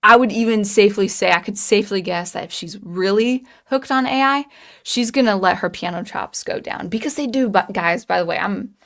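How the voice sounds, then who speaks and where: A woman's voice: medium pitch, brisk, fairly bright tone. A woman in her late thirties chatting casually on a livestream, telling a story with lots of restarts and reading the chat aloud. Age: 30s. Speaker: livestream host.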